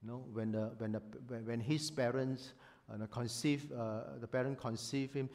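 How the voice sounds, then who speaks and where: A man preaching a sermon as a pastor, animated and emphatic, often acting out voices. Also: medium pitch, moderate pace.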